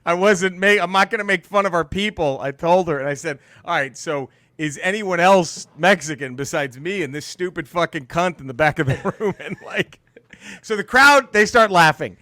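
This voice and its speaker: A man's voice: high voice, normal speed, dry recording, studio quality. A man, a stand-up comedian, telling a story in casual podcast chat, laughing often and acting out the people in it. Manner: animated, laughing storyteller who acts out quotes.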